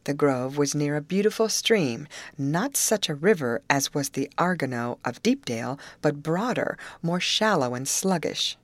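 Woman audiobook narrator, low voice, lively melody, expressive storytelling, dry close recording. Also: unhurried, few pauses, no room sound. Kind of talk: audiobook narration of a 1913 girls' novel.

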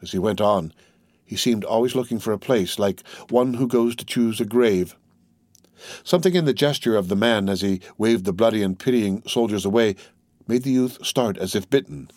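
A man narrating a classic novel as an audiobook in a measured, even reading. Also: on the low side, no echo, clean studio sound.

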